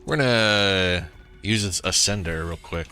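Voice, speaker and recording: A man giving casual gameplay commentary, excitable and talking back at the game. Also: deep voice, unhurried, soft background music. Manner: excitable, talks to the game, swears. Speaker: gaming streamer.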